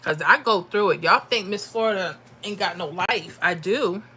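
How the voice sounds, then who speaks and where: A woman's voice: on the low side, moderate pace, pushed and bright, a little hiss or hum. A woman hosting a casual livestream, chatting animatedly and reading out viewer comments and lottery numbers. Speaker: livestream host.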